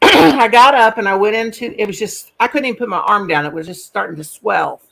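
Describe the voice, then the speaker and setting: A woman's voice: mid-range voice, lively intonation, vocal fry, crowd noise. A woman hosting a live stream, chatting casually and telling a rambling story. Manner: rambling storyteller, quick asides, folksy. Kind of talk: casual chat.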